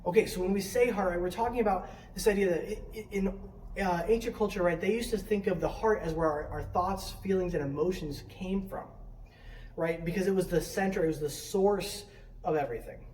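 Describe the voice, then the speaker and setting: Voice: medium pitch, a little mellow. A student ministry leader giving a conversational youth sermon in a church sanctuary, asking many questions and often adding "right?". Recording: roomy sound from a distant mic, faint noise.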